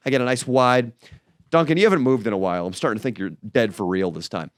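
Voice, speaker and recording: A man's voice: mid-range voice, quick pace, no echo. A man co-hosting a comedy podcast, telling a rambling story and acting out the people in it, recorded on a studio mic. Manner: animated storyteller, acts out scenes. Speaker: podcast co-host. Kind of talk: casual comedic podcast chat. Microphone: studio microphone.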